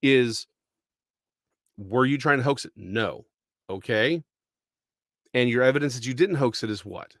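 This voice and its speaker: A man's voice: mid-range voice, measured pace, pauses often, fairly bright tone, no room sound. A man from Texas co-hosts a podcast conversation, working through his view in long, meandering sentences. His voice sits in the middle range, and the sound is dry and close to the mic. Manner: thoughtful, rambling, full of restarts. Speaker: podcast co-host. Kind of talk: casual discussion.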